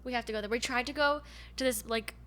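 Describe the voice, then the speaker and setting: A woman co-hosting a podcast in casual chat, talking quickly to get her words out. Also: on the high side, sharp tone. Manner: talks fast, rushes to get words out. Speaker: podcast co-host.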